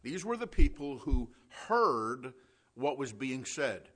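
A man preaching a sermon, reading verses slowly and asking his listeners questions before answering them. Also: mid-range voice, sing-song, fairly bright tone. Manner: teaching, reads scripture slowly, asks and answers questions.

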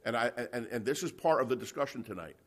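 A male preacher working verse by verse through scripture in an ordinary mid-range voice. He talks emphatically, stammers through restarts and keeps clearing his throat. He often stops to check in with his listeners with "okay?" and "you see.". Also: medium pitch, animated, fast. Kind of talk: expository Bible teaching.

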